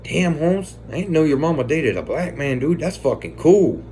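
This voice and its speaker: Hardened male ex-con, casual and profane, flat-out matter-of-fact, as a storyteller puts him on. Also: fairly high pitch, moderate pace, slight background noise, voice pushed up. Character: hardened male ex-convict gang member, blunt.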